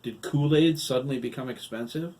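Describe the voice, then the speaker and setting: A man voicing an angry, sullen teenage farmhand who snaps and talks back loudly in an audiobook. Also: mid-range voice, a little fast, pitched above the performer's own voice, lightly acted. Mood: irritable. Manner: snappish, sarcastic and loud.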